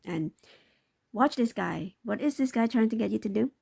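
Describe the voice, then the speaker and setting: On a live stream, a woman comments on market clips, her voice sitting on the higher side with lively intonation and a moderate pace. The tone is dark, creaky and a bit rough. She talks loosely and repetitively, often ending her points with tag questions.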